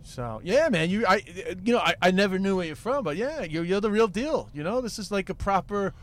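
A man's voice: high voice, very animated, a little fast, a bit bright. A man chatting casually while driving a car, laid-back and easygoing. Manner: laid-back, says "man" and "you know" a lot.

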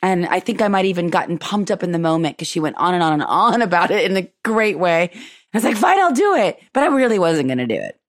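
A woman hosting a podcast, telling a personal story in a lively way and acting out what people said. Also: fast talker. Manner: animated, acts out quoted dialogue with big pitch jumps. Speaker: podcast host.

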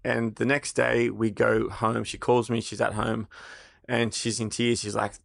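A man's voice: fairly low pitch, level tone, a little slow, gravelly, a bit bright, no echo, clean studio sound. A young Australian man, a brand co-founder, telling his business story in a casual interview, candid and prone to swearing.

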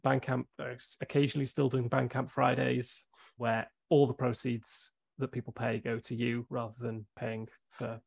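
Gravelly husky man hosting a podcast. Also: mid-range voice, little pitch movement, moderate pace. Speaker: podcast host. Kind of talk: casual interview chat.

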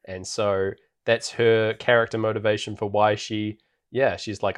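A man with a fairly low voice talks through a film's plot for a podcast. His delivery is loose and chatty, with frequent ums and restarts as he goes. Nothing about it is scripted. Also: measured pace, clean tone. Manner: rambling, relaxed, heavy on fillers. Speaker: podcast co-host. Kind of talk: casual film recap chat. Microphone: podcast microphone.

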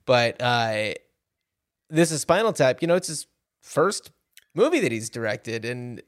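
A man's voice: medium pitch, big pitch swings, a little slow, no room sound. Easygoing man, dry close sound. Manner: easygoing, with frequent "you know" fillers. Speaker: podcast co-host. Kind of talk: casual movie chat.

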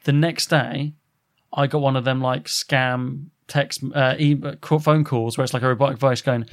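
A man's voice: mid-range voice, moderate pace. A young man chatting casually on a podcast, swearing freely and acting out what people said. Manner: animated storyteller, swears casually, acts out quotes.

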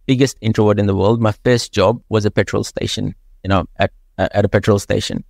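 A man's voice: on the low side, fairly even intonation, a little fast, creaky, darkish tone, no echo. A man hosting a podcast, chatty, sharing his own stories and tagging lines with "right?". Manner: chatty, tags sentences with "right?". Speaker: podcast host. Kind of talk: casual podcast interview.

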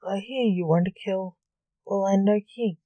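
A woman's voice: medium pitch, moderate pace, mellow, dry recording, highs cut off, lightly acted. A woman voicing a nervous, timid young male reporter in a read-aloud story, who asks anxious questions.

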